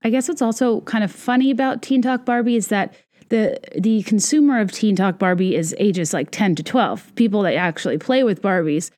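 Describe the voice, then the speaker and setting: A woman's voice: mid-range voice, moderate pace, a little mellow. Wry, rambling woman podcast host. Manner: wry, self-deprecating, rambling asides. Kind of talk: casual comedic monologue.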